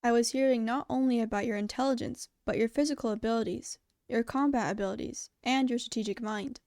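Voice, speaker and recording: A woman doing a composed male animal principal, every word measured and precise. His voice sits fairly high, and the sound is close and dry. He stays polite and formal even when he is cut off. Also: no room sound, lightly acted. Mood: calm.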